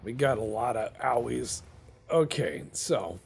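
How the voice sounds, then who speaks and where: A man's voice: mid-range voice, animated, a little slow, gravelly. A man casually commenting on a naval strategy game he is playing, joking and sarcastic, now and then doing silly little voices. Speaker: gameplay commentator. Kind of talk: casual let's-play commentary.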